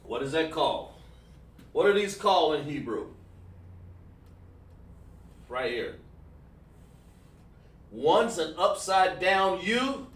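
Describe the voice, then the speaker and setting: Male instructor, fairly high voice, patient, keeps checking in, roomy echo. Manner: patient, checks in with repeated "okay, all right", praises students. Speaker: class instructor. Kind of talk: livestreamed language class. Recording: echoey room, voice far from mic.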